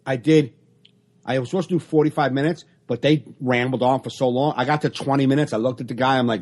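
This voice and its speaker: A man's voice: mid-range voice, fast. A man, a stand-up comedian, telling stories in a casual podcast chat over a video call and acting out the exchanges. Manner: animated storyteller acting out exchanges.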